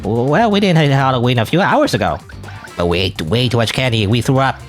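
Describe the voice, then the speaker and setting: A man's voice: mid-range voice, animated, fairly quick, faint music behind, natural voice. A man voicing a group of grumpy costumed trick-or-treaters in a whiny, demanding way.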